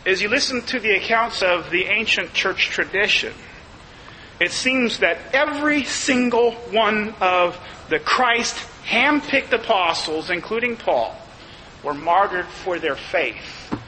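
A man preaching a sermon as pastor, emphatic, slowing down to stress key phrases. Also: high-pitched, expressive, sharp tone, long reverb tail, slight background noise, poor audio.

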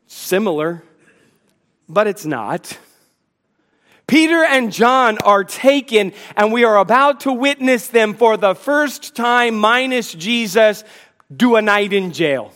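High-pitched guy preaching a sermon, goes from big emphatic lines to quick dorky jokes. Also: a bit bright. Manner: joking asides between intense preaching. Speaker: pastor.

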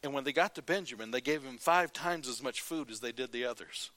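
A man preaching, retelling a scripture story with lively, acted-out dialogue. His voice is bright and forward, and the recording is close and dry with almost no room sound. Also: medium pitch, brisk, no echo. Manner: animated storytelling, acting out the characters' lines. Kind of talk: sermon retelling a Bible story.

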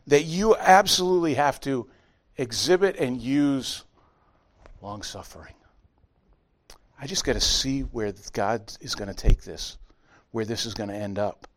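A middle-aged man preaching a sermon as pastor, telling stories with lively impressions. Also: medium pitch, measured pace. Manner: animated storytelling with honking impressions.

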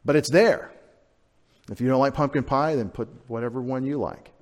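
A man's voice: mid-range voice, normal speed. Emphatic male pastor preaching a sermon. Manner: conversational, emphatic, asks the congregation questions.

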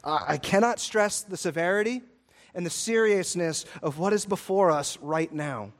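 Male pastor, high voice, emphatic sermon delivery in a church, big swings from urgent to hushed. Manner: emphatic, swings between loud urgent peaks and low slow hushed lines. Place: church sanctuary.

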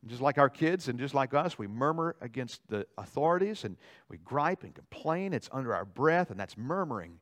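A male pastor preaching a sermon in a church, animated, swinging between loud dramatic outbursts and quiet asides. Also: mid-range voice, moderate pace, hardly any pauses. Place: church sanctuary.

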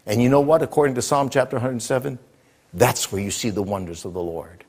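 A man's voice: mid-range voice, animated, fairly quick. A man preaching a sermon to a congregation, drawing call-and-response answers from the room. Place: church with congregation. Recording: echoey hall.

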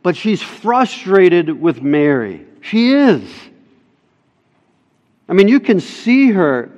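A fairly high-voiced male pastor preaches in an emphatic, insistent way, repeating his key lines to drive them home. His voice carries a long reverb, as if recorded in a big church sanctuary. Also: very animated, slow pace, darkish tone, dull audio. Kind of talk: sermon. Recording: long reverb of a large hall.

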